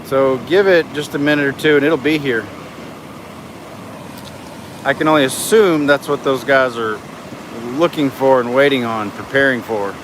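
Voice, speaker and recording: Outdoor noise fills the background as a middle-aged man streams casually from a beach inlet on his phone. Speaking at medium pitch and a moderate pace, he reads viewer comments aloud and describes his surroundings.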